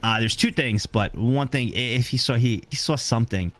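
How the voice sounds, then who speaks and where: A man's voice: mid-range voice, moderate pace, no echo. A young man who is a guest on an interview stream, telling stories in a rambling, casual way. He repeats himself often and restarts his sentences as he goes along.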